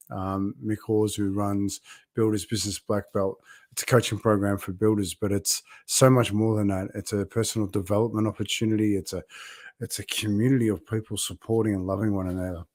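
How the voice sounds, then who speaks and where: A man's voice: on the low side, darkish tone, no room sound, clean studio sound. A middle-aged man talking in a heartfelt, rambling way on a casual live video diary, laughing often and greeting viewers by name. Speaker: vlogger and builders' coach.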